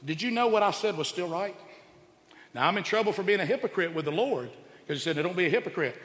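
A man preaching an impassioned sermon, emphatic and full of rhetorical questions that build to loud exclamations. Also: high voice, animated, fast. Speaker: preacher and radio show host. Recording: echoey hall with long reverb.

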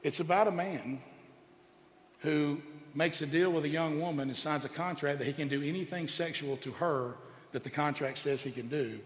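A man preaching an impassioned sermon, emphatic and full of rhetorical questions that build to loud exclamations. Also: fairly high pitch, moderate pace, slight background noise. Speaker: preacher and radio show host. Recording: echoey hall with long reverb.

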